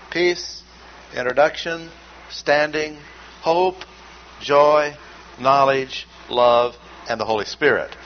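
Male Bible teacher, mid-pitched, emphatic and deliberate, dull lo-fi recording. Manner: measured, emphatic, repeats key words. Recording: dull lo-fi recording with faint noise.

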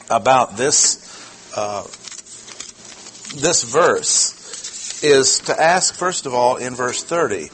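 A man delivers a teaching sermon in a steady mid-range voice, pressing his points with rhetorical questions and repetition. A faint background noise sits under the recording. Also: mid-range voice, rough recording. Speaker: preacher.

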